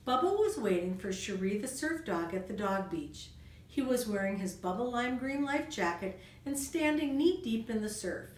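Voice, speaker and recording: A woman reading a children's storybook aloud in a gentle, expressive storytelling manner. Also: mid-range voice. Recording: roomy room, distant mic, faint noise.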